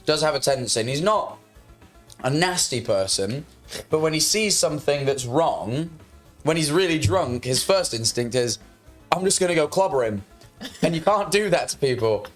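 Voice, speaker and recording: Animated young man telling stories. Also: on the high side, moderate pace, soft background music. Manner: animated, gets loud and yells when telling stories. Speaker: podcast co-host. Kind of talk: casual storytelling chat. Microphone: streaming microphone.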